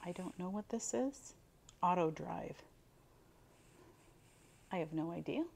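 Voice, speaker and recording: A woman's voice: on the low side, lively intonation, slow, gravelly, a little mellow, slight background noise. An older woman running a casual unboxing chat for her viewers, chatty and exclaiming over each item as she pulls it out. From Buffalo, New York. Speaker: reseller unboxing mystery boxes.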